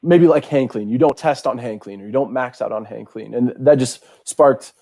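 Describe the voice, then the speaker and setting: A man's voice: mid-range voice, normal speed, creaky, warm tone. A man hosting a podcast, chatting casually and agreeing with his guest, with frequent fillers. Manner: conversational, agreeing, filler-heavy. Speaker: podcast host. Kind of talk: casual interview chat.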